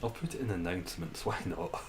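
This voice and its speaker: A man's voice: sits low, expressive, a little fast, poor audio. A man streaming a game, chatting casually and answering his chat, laughing often.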